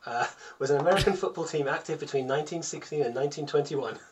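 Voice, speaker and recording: A man hosts a relaxed podcast quiz with a slightly raised voice. He reads each item, trips over his words with frequent ums, and breaks into laughter easily. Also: fairly high pitch, fast talker, slight background noise. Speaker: podcast host running a quiz. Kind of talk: casual podcast chat.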